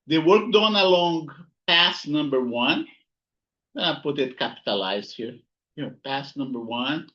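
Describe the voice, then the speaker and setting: Male lecturer, slightly high voice, slow and deliberate, repeats terms, dull lo-fi recording. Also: animated, bright, forceful tone. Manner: repeats key words, frequent "right?" and "here you go". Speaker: physics instructor. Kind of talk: recorded lecture while writing notes.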